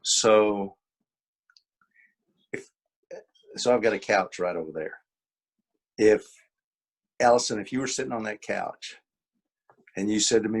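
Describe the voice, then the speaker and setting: A man with a low, husky voice leads an informal workshop. He repeats his key points with emphasis. He acts out bits of dialogue to make them clear. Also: normal speed, long pauses. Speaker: workshop presenter and author. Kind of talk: informal teaching talk.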